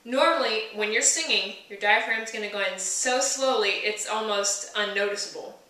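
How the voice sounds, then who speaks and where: Bright woman teaching voice, echoey. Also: mid-range voice, normal speed. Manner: explains step by step, sings short demonstration notes. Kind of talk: singing lesson. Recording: echoey room from far off.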